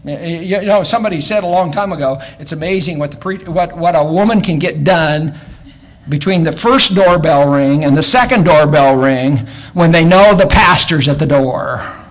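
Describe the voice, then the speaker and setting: High-voiced, animated man preaching. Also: moderate pace. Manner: animated, swings between loud exclamation and low asides, repeats words. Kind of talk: sermon.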